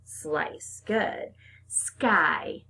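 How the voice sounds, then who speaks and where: A woman's voice: on the low side, drawn-out words, vocal fry, pushed and bright. A woman teacher leading a phonics lesson for young children, upbeat and sing-song, stretching out the sounds.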